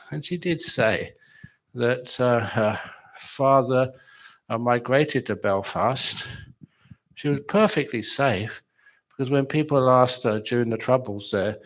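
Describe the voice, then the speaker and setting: A man's voice: mid-range voice, a little slow. Humorous man giving a dharma talk. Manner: humorous, chatty storytelling with laughs. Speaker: meditation teacher. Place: retreat hall with audience.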